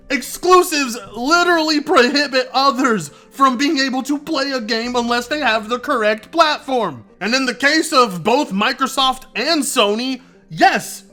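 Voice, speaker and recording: A man's voice: very high-pitched, pushed and bright. A man doing sarcastic, mocking reaction commentary on a video clip. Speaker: commentary YouTuber.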